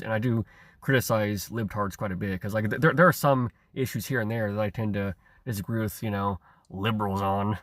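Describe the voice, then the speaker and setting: A man's voice: mid-range voice, fairly bright tone, no room sound, clean studio sound. A man delivering a rambling, profane rant, stammering and repeating himself, with chuckles between phrases. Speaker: online commentator. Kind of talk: ranting monologue.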